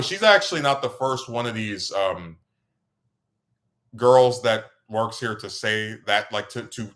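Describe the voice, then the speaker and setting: A man hosting a podcast, telling a rambling story in casual chat, with his voice jumping up when he gets worked up. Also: fairly low pitch. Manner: rambling, animated, voice jumps up when excited. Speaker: podcast host.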